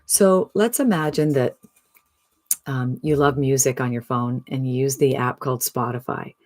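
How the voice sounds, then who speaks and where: A speaker in their sixties giving an upbeat, chatty sales pitch to camera, often tossing in a rhetorical "right?". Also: moderate pace, darkish tone, no room sound. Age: 60s. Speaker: online business promoter.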